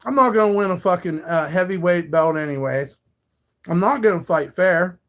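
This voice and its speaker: A man's voice: high voice, normal speed. A man live streaming, talking back to his viewers in a confrontational, profane rant.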